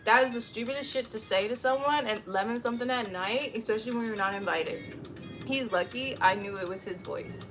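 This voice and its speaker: A woman streaming from home, chatting casually with her viewers and telling a story in a lively, profane way. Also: a little high, brisk, over music. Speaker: live streamer.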